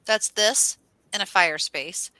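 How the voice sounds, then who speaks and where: A woman hosting a casual astrology chat, telling stories in a lively way and acting out what people said. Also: medium pitch, slow pace, no room sound. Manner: animated storyteller, acts out quotes. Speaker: host.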